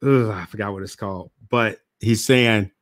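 A man talking casually to camera as a motivational speaker and host. He is relaxed, repeats phrases for emphasis and laughs at himself. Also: fairly low pitch, moderate pace, dry recording, studio quality. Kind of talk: casual reflective monologue to camera.

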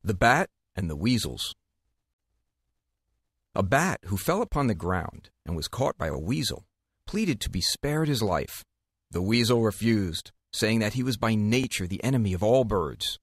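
A man narrating fables for an audiobook in a measured, expressive reading. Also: lowish voice, slightly rough, dry recording, clean studio sound. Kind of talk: scripted storybook narration.

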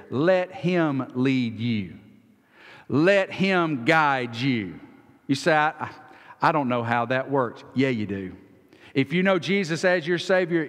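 Folksy pastor in a reverberant church. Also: male voice, fairly high pitch. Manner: folksy, acts out quoted voices, swings loud to soft. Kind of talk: sermon. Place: church sanctuary. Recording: long hall reverb.

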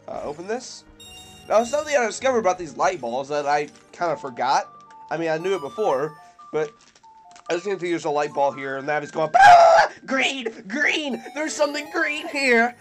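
A high-voiced young man gives jokey gameplay commentary, his voice swinging up and down a lot. He rambles with plenty of fillers and yelps loudly whenever something startles him. Faint music plays behind him. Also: animated, fairly quick. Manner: jokey, yelps and screams at scares. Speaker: let's play commentator.

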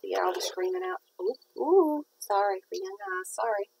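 A woman's voice: medium pitch, very animated, normal speed, gravelly, a little mellow, slight background noise, poor audio. A woman, chatting casually and rambling in a folksy way while she works on a craft project. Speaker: craft vlogger.

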